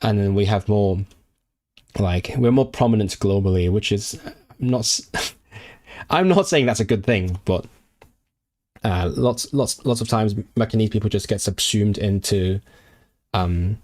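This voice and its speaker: A man's voice: fairly low pitch, measured pace, long pauses, a little mellow. A man from Hong Kong chatting casually on a live stream while he works through language flashcards, thinking aloud with lots of fillers and restarts. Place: indoors at his computer.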